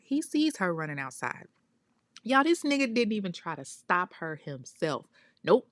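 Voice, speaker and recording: A woman recounts a true crime case in casual, blunt, profane talk, breaking in with emphatic asides. Her voice sits fairly low, and the recording is dry and close. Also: animated, moderate pace, dry recording.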